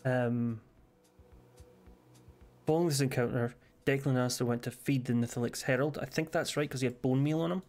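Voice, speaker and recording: A man's voice: medium pitch, fairly even intonation, normal speed, long pauses, darkish tone, faint music behind. A Scottish man streaming a game live, joking crudely and reading game text aloud hesitantly. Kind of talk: casual live-stream commentary.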